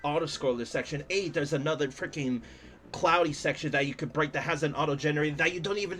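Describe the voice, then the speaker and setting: A young man streaming, casually reviewing game levels with lots of laughter and swearing. His voice leaps up high when he gets worked up. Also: fast talker. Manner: animated, jumps into high excited pitch when ranting; swears casually, speaks to chat, laughs often. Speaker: streamer judging a level design contest. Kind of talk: casual gaming stream commentary.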